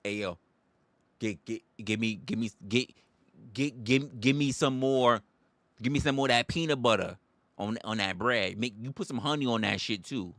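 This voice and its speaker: A man's voice: mid-range voice, normal speed, fairly bright tone, dry recording, natural voice. A man voicing a greedy male bear who bossily demands food with profanity. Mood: demanding. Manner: gruff, bossy, profane demands.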